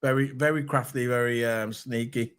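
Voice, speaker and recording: A man's voice: mid-range voice, steady tone, moderate pace, clear, resonant tone. A British man hosting a casual live stream, blunt and opinionated, repeating his phrases. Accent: British English. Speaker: streamer host. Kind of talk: casual chat.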